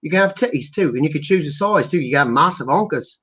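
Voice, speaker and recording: A man's voice: fairly high pitch, animated, quick pace, a bit bright, breathy edge. Profane man ranting on a stream. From Canada. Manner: profane, rambling political ranting; reads out viewer comments. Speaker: livestream host. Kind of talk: casual livestream rant.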